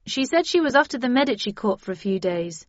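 A woman voicing a calm, polite young man in a storybook reading, matter-of-fact, with a slightly dull recording. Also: on the high side, brisk, no echo, voice pushed up.

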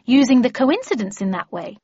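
A cold, mocking female villain, as a woman reader puts her on sneers through her lines. The voice is slightly husky and louder than the narration. The recording is dry and a little dull. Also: on the high side, sing-song, fairly quick, no room sound, voice pushed up. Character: smug female villain who erases memories.

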